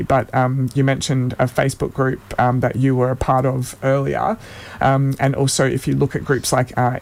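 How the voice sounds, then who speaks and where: A man hosting a community radio show, casually reading listener shout-outs aloud and stumbling over names now and then. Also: mid-range voice, vocal fry.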